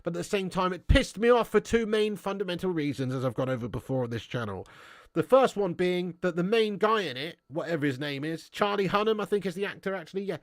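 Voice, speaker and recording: Guy on a live stream ranting at the chat, swears a lot, higher voice, dry close sound. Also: lively intonation, fast talker, no room sound.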